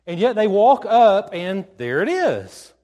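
Animated male preacher acting out stories. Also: sits high, slow, lo-fi sound. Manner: animated storytelling, acting out quoted lines. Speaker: pastor. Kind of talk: sermon.

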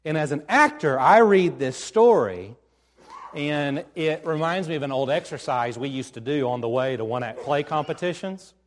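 A male pastor giving a sermon in an animated storytelling manner, acting out the lines he quotes. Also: a little high.

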